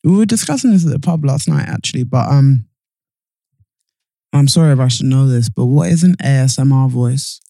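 A man's voice: medium pitch, expressive, brisk, gravelly, dark tone, no echo. A man co-hosting a casual podcast, rambling and self-interrupting, a little chesty. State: slightly chesty. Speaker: podcast co-host. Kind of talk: casual chat.

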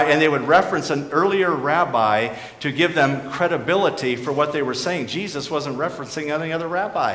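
A man preaching a sermon as pastor, earnest and questioning, dropping to quiet emphasis on key points. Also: fairly high pitch, brisk, hardly any pauses. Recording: echoey hall with faint background noise.

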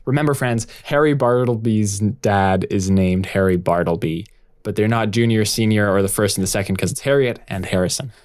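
A man's voice: lowish voice, normal speed, a little mellow. A man narrating his character's actions in a tabletop role-playing game, in a loose way with fillers.

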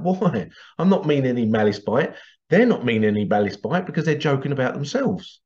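A man's voice: mid-range voice, big pitch swings, fast talker, a little mellow, dull audio. A middle-aged man, casually telling stories to camera and breaking into laughter as he goes. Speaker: vlogger.

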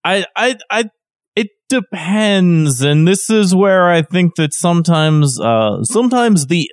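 A man's voice: sits high, lively intonation, slow, no echo, studio quality. A man co-hosting a podcast, chatting casually, hesitant and rambling with many restarts. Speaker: podcast co-host. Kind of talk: casual chat.

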